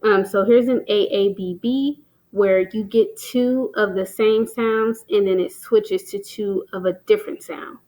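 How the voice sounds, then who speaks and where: A woman's voice: mid-range voice, a little slow, darkish tone, low-quality recording. Woman walking through poetry terms like a lesson, lots of um and so, patient and plain. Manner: plain, patient explaining with frequent "um" and "so". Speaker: teacher. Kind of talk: explaining poetry terms and reading examples aloud.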